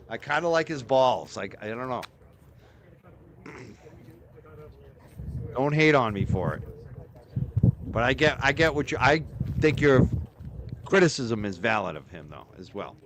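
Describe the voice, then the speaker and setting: A man's voice: mid-range voice, fairly bright tone, slight background noise. A man with a Boston accent, co-hosting a livestream and chatting loosely, reading out chat thanks and rambling with a bit of swearing. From north of Boston area. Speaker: livestream co-host.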